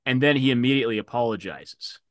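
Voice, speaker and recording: A man's voice: mid-range voice, lively intonation, fast, fairly bright tone, no room sound, clean studio sound. A man talking frankly in a casual film discussion, swearing freely and retelling scenes. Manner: retells scenes with quoted voices.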